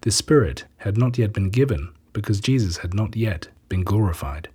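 A man giving a steady scripted scripture reading in a husky voice. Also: lowish voice, moderate pace. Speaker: reader.

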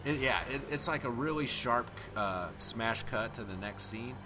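A man in casual podcast chat about a film, animated and profane, often laughing. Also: medium pitch, normal speed, heavy background noise. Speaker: podcast co-host. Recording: music playing underneath.

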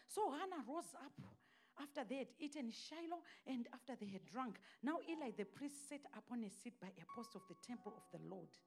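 A woman preaching a sermon with passion, rising to shouts and dropping to hushed scripture reading. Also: a little high, expressive, fairly quick, faint music behind.

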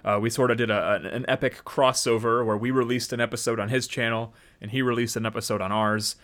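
A man's voice: mid-range voice, steady tone, fast talker, fairly bright tone. A man hosting a faith podcast, chatting loosely with many fillers and restarts, then reading a Bible passage aloud. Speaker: podcast host.

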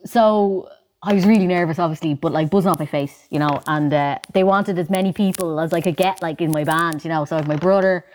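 A woman with an Irish accent telling a story casually, animated and chatty, full of "like" and "you know.". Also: fairly low pitch, fairly quick. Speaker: singer telling a story as a guest. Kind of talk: casual anecdote in conversation.

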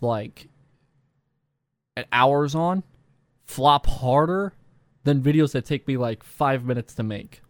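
Young male YouTuber, mid pitch, rambling casual vlog delivery, dry close mic. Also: dry recording. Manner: rambling, self-deprecating, many fillers.

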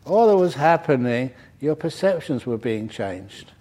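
A man's voice: medium pitch, big pitch swings, measured pace, mellow. A man, a monk teaching at a retreat, answers questions in a dharma talk and tells humorous stories, often chuckling at them. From United Kingdom. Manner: humorous storyteller, chuckles at his own stories.

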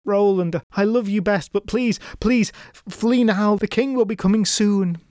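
A sorrowful young woman held captive by elves, her words tearful and begging. Her voice sits high and strained, a man reading her part. The sound is close and dry, with no room around it. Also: big pitch swings, measured pace, dark tone, no room sound, full character voice. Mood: pleading. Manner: pleading and tearful.

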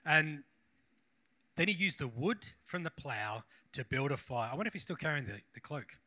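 A male pastor gives a loose, conversational sermon with a bright, forceful voice. He rambles a little and drops self-deprecating asides as he goes. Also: fairly high pitch, very animated, moderate pace. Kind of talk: casual sermon.

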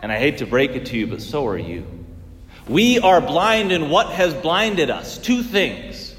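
A man's voice: a little high, sing-song, measured pace, a bit bright, big-room sound. A man preaching a sermon in earnest tones, asking rhetorical questions and swinging his emphasis up and down.

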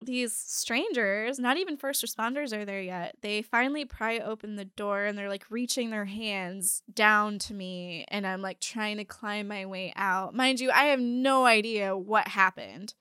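Woman in her 40s, casual storyteller, bright sharp voice, dry close sound, swears freely. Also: medium pitch, measured pace, hardly any pauses, clean tone, dry recording. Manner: candid storytelling, swears, laughs often. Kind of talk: casual chat.

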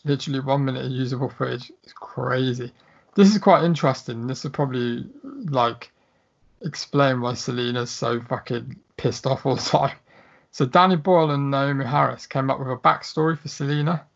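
Sweary, gravelly man chatting films. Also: mid-range voice, moderate pace, dull audio. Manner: sweary, blunt, jokey. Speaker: podcast co-host. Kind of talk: casual film chat.

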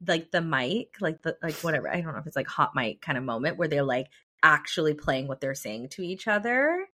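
A woman's voice: sits low, animated, a little fast, bright, forceful tone. A young woman co-hosting a podcast, chatting in a playful, gushing way. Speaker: podcast co-host. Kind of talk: casual chat.

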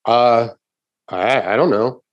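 A man's voice: medium pitch, slow, dull audio. A middle-aged man, a stand-up comedian, telling a story in casual chat, swearing often and acting out the crowd's reactions.

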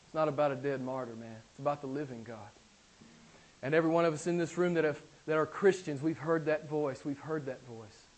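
A man preaching a sermon to a small congregation, swinging between loud, high exclamations and soft, low passages, with repeated phrases and rhetorical questions. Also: fairly quick. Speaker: pastor.

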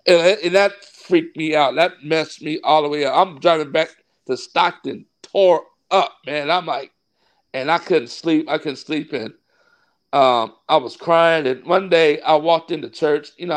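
A Baptist pastor from California telling a personal story in a rambling, heartfelt way, full of fillers. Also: male voice, fairly high pitch, normal speed. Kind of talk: casual interview storytelling.

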